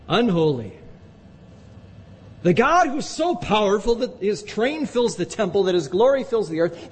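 A man's voice: a little mellow, husky. Emphatic male pastor in a reverberant church. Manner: emphatic, repeating words for weight. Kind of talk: sermon. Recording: long reverb with faint rumble.

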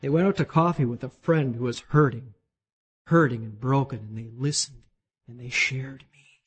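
A man preaching a sermon as a pastor, animated, his voice climbing high as he voices God speaking to the congregation. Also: normal speed, husky, highs cut off.

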